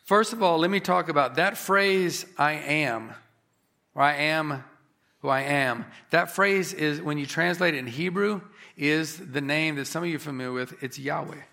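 A man preaching a sermon, emphatic, rising on key phrases and slowing down for effect. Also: on the high side, vocal fry, bright, forceful tone. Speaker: pastor.

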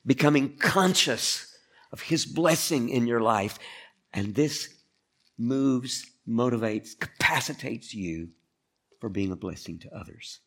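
A male pastor preaching a conversational sermon, often turning to ask the listeners questions. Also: medium pitch. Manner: conversational, asks the congregation questions.

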